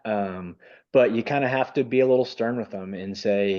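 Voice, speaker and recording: A man's voice: on the low side, normal speed, a little mellow, lo-fi sound. A man who stutters, speaking as a webinar panelist in a casual panel discussion over a video call. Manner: stutters, with repeated sounds and restarts.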